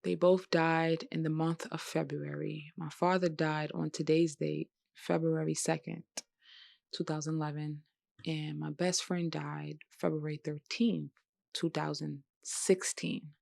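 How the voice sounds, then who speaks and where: A woman's voice: low-pitched, level tone, measured pace, gravelly, darkish tone, no room sound. A tired woman speaking earnestly and emotionally in a personal vlog, with speech. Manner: emotional, earnest, pleading at times. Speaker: vlogger. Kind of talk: personal vlog talk to camera.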